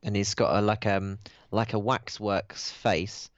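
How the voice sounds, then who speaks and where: A man's voice: lowish voice, steady tone, measured pace, no echo. A man playing a tabletop game, chatting in a playful, musing way. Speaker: player. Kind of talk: casual chat. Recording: dull, dry recording.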